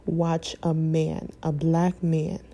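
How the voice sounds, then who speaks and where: A woman speaking in an emotional personal vlog, halting and impassioned, close to tears. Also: deep voice, little pitch movement, dark tone. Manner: halting, impassioned, breaking off mid-sentence.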